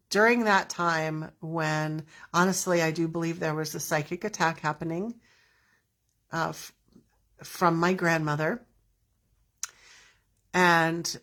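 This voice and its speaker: A woman's voice: lowish voice, a bit bright. A woman hosting her own show, telling a personal story in a rambling way with many restarts. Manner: rambling, restarts often, drawn out. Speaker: host. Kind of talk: casual storytelling monologue.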